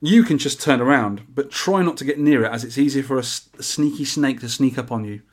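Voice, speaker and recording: A man's voice: medium pitch, fairly quick, slight background noise. Man casually explaining arcade rules. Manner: explains game rules in a laid-back, joking way. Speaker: podcast host. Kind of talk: casual podcast chat.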